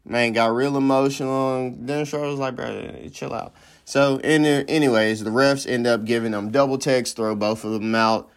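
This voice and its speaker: A man's voice: medium pitch, steady tone, normal speed, few pauses, clean tone. A man hosting a podcast in casual comedic commentary, joking and rambling with slangy asides. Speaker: podcast host.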